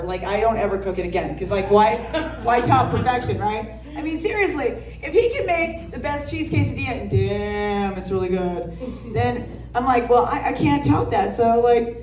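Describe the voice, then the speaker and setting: Her mid-range, darkish voice carries through a roomy, distant-mic recording with slight background noise. A woman in her thirties works a comedy club stage, telling crude, brazen parenting stories to laughter.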